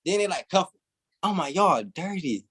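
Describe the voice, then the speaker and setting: A man's voice: sits high, sing-song, normal speed, a bit bright, slightly rough. A young man, a guest in an interview, telling a long story casually and animatedly, swearing freely and laughing as he goes.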